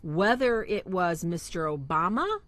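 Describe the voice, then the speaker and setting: A woman's voice: fairly low pitch, expressive, a little slow, fairly bright tone. A middle-aged woman co-hosting a live faith talk show, speaking emphatically and asking rhetorical questions. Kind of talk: live-stream religious talk.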